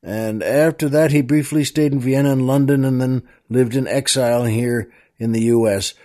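A man's voice: medium pitch, fairly even intonation, moderate pace, warm tone. A man hosting a comedy podcast, telling jokes in a chatty monologue full of asides and chuckles. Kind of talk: casual comic monologue.

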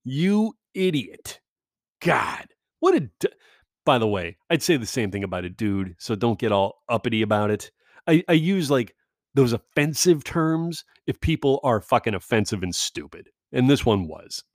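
A man hosts his show and tells a story in a loose, profane way, laughing as he goes. His pitch jumps around a lot. The sound is dry and close. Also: normal speed, dry recording. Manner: profane, animated, laughs often. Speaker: podcast host. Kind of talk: casual storytelling monologue.

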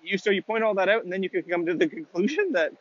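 A man in casual chat, ranting in an incredulous, animated way. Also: high voice, fast, lo-fi sound, heavy background noise. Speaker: panelist.

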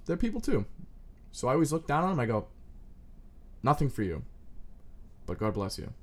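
A young man in his twenties, riffing in a crude, self-mocking, scattered comedic monologue with sudden loud outbursts. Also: mid-range voice.

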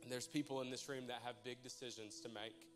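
A man's voice: medium pitch, fairly even intonation, fast talker, soft background music. A young man preaching, telling a personal story and praying, emotional and conversational with stumbling restarts. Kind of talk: sermon with personal testimony and prayer.

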